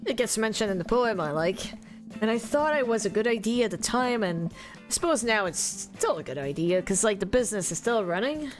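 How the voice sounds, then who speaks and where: A woman's voice: mid-range voice, lively intonation, fairly quick, over music, lightly acted. A woman voicing an awkward male coffee shop barista who rambles nervously in a video game. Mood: nervous rambling.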